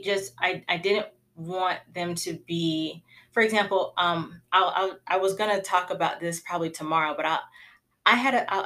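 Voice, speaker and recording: A woman's voice: on the low side, fairly bright tone. A woman in her thirties hosting a casual live-stream Q&A about homeschooling, chatty and rambling, getting emotional and laughing. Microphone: phone or computer mic, live stream.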